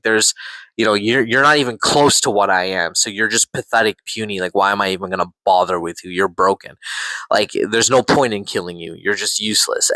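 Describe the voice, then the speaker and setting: Excitable swearing man, dry sound. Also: fairly low pitch, dry recording, rough recording. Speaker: podcast show reviewer. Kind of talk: casual excited review chat.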